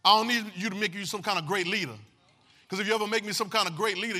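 Man, preacher, high voice, very bright tone, animated sermon, call and response. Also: quick pace. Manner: animated street-talking preaching, call and response, shouting at peaks.

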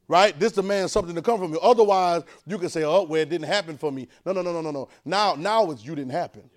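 Delivering a sermon in a somewhat high voice, this preacher has the congregation echo his lines back to him. His delivery alternates between hushed, stretched-out speech and sudden loud outbursts.

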